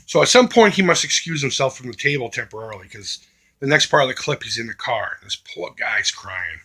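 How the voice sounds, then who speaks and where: Vlogger, middle-aged man, lively earnest charity plea, husky bright tone. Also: medium pitch, fairly quick. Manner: earnest, emphatic, swings between loud and hushed. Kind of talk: heartfelt charity appeal to viewers.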